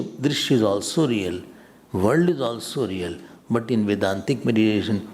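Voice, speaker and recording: A man's voice: fairly low pitch, darkish tone. A man teaching a scripture class as a swami, explaining patiently and repeating words as he goes. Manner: repeats words, mixes in Hindi asides; explanatory, addresses listeners directly.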